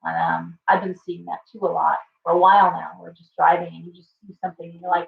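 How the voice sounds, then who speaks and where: A woman's voice: fairly low pitch, little pitch movement, quick pace, creaky, few pauses. A woman hosting a live stream, rambling casually and greeting viewers by name. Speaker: shop owner and live show host. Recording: roomy, distant, dull lo-fi sound with faint hum.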